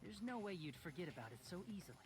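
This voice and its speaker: A young student investigator in a video game, calmly pressing with pointed questions. Her pitch rises and falls in a lively way. Game music plays clearly under her. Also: fast talker. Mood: puzzled. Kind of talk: English game dub.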